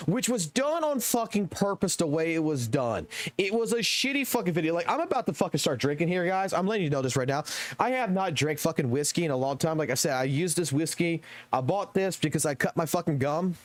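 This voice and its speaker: A man's voice: sits high, no room sound. Heated Southern streamer, young man, profane and emphatic, dry close sound. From American South. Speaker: game streamer. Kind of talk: profane live-stream rant.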